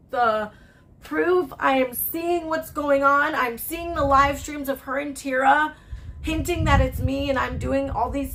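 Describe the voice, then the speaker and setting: Woman YouTuber, high voice, blunt and heated, sprinkles in profanity, casual storytime delivery. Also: bright, forceful tone, low-quality recording. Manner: blunt and heated, heavy swearing, keeps asking "okay?". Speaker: commentary YouTuber.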